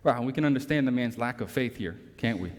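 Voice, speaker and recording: A man's voice: medium pitch, animated, fast talker. A man preaching a sermon as pastor, emphatic, drawing in listeners with rhetorical tag questions. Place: church sanctuary. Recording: long reverb from a large hall.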